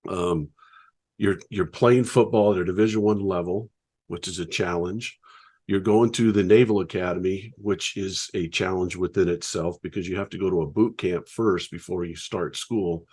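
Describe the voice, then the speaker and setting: Husky low-voiced male interview host. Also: fairly even intonation, moderate pace, a little mellow. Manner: encouraging, supportive interjections. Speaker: podcast host and coach. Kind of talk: interview questions.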